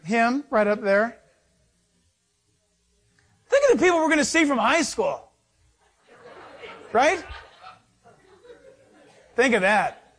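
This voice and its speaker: A middle-aged male pastor preaching a sermon, animated, acting out little scenes with laughter. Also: very high-pitched, slow, pauses often, some chatter behind. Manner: animated, acts out voices with laughter.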